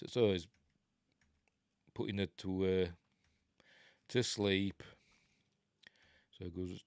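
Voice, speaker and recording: A middle-aged Yorkshireman hosts a relaxed live film commentary, tossing in chatty, sarcastic asides. His voice is low, and the recording is clean studio sound with no echo.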